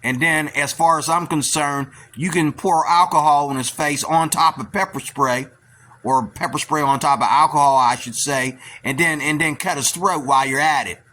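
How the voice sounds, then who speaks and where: A man's voice: on the high side, steady tone, normal speed, bright, forceful tone. A man giving blunt, rambling reaction commentary, often asking "okay?" to drive points home. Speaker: video commentator.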